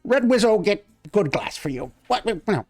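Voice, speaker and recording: A man's voice: high-pitched, sing-song, moderate pace, a little mellow, dry recording, faint music behind, pitched above the performer's own voice, heavily acted. A man voicing a greedy, fawning male kobold barkeep who talks in broken grammar.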